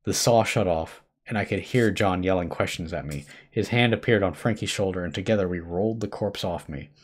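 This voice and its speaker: A man hosting a live stream, reading a horror story aloud with expressive shifts between hushed and urgent delivery. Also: low voice, brisk, breathy edge. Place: home streaming setup.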